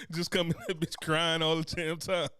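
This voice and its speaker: A man's voice: on the high side, heavy background noise. A man co-hosting a podcast, bantering and joking with lots of laughter. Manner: animated, joking, bursts into laughter. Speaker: podcast co-host. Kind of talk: casual comedic banter.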